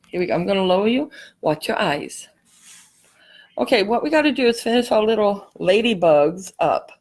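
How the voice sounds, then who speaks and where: A woman's voice: medium pitch, gravelly, darkish tone, a little hiss or hum. A woman hosting a live craft tutorial, chatting in a rambling, apologetic way as she works. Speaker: craft channel host.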